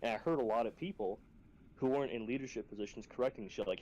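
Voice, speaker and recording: A fast-talking Marine instructor swears his way through a training war story, acting out quotes in an abruptly high voice. Poor audio and slight background noise accompany his lively, casual telling.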